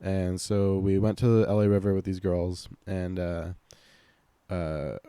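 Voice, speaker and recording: A young man telling a long rambling story in casual chat, full of fillers, lively when quoting others. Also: low voice, measured pace, clear, resonant tone, no room sound. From Los Angeles. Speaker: podcast guest.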